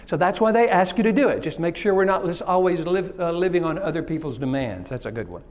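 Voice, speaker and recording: High-voiced joking Texas-born keynote speaker. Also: male voice, lively intonation, quick pace, a little mellow. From Kilgore, Texas. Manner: engages the audience, jokes and asks questions. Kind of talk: interactive keynote talk. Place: conference stage.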